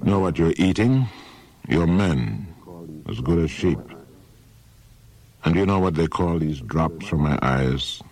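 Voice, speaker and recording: A man's voice: rumbling low, expressive, slow pace, pauses often, darkish tone, full character voice. A man voicing a mocking, sardonic one-eyed male giant tyrant in a dramatic reading. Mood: gloating. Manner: taunting, sardonic.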